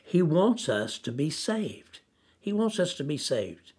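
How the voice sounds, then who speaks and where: A man preaching a sermon, slow and deliberate, repeating phrases for emphasis. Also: a little high, very animated, a little mellow, breathy edge.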